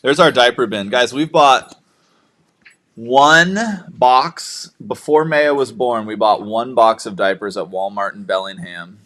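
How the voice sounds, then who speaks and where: A man's voice: mid-range voice, a little slow, fairly bright tone. A young man co-hosting a casual livestream, joking around and reading viewer comments aloud. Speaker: livestream co-host, new father.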